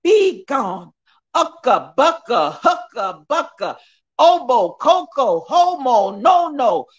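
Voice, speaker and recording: Brief: a woman putting on a frantic preacher woman speaking in tongues, chanted nonsense rhymes, high-pitched, lo-fi phone sound. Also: sing-song, slow, exaggerated voice. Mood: frenzied. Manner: chanting rhyming nonsense syllables. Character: frenzied female preacher babbling in tongues.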